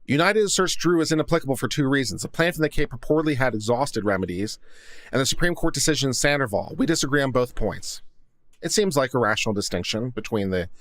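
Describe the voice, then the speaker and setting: A man's voice: medium pitch, animated, fast, a bit bright, dry recording. A man hosting a legal commentary show, reading a court opinion aloud and breaking in with thoughtful asides of his own. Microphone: studio condenser mic.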